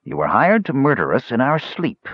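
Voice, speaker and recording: A man voicing a frail young male mage who talks in a soft, whispering, cool way. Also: mid-range voice, wildly swooping pitch, normal speed, husky, no room sound, lo-fi sound, voice pushed up. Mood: cold.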